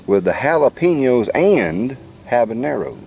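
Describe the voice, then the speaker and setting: A man's voice: mid-range voice, big pitch swings, unhurried, darkish tone. Folksy man hamming it up outdoors. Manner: folksy, jokey, hammy food presenting. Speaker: vlogger filming a campout. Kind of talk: casual show-and-tell narration to camera. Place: outdoor campsite.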